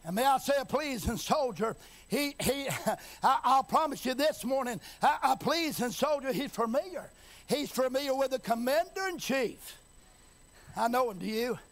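This man preaches a sermon in an extremely high voice with lively intonation and a normal speed. He builds up to shouted, chanting emphasis before dropping to a quiet, folksy tone, repeating phrases and asking the congregation whether they hear him.

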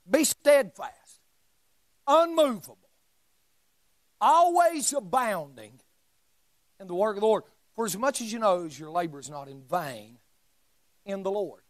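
A man preaching a sermon in a church, shouting emphatic lines and dropping into joking asides. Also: fairly high pitch, no room sound. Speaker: pastor. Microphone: live stream mic.

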